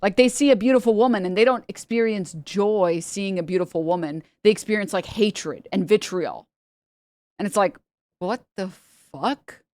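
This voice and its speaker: A woman's voice: medium pitch, normal speed, a little mellow, dry recording. Sarcastic rambling woman streamer. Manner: rambling, sarcastic, laughs often, mocking voices. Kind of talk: casual commentary stream.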